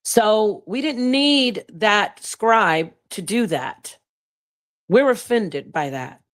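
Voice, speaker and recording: A woman with a mid-range voice speaks extremely slowly as she hosts her own channel. She teaches on scripture in a casual, emphatic livestream style, reading passages aloud and addressing her viewers directly. She's animated, emphatic, and thanks viewers as she goes.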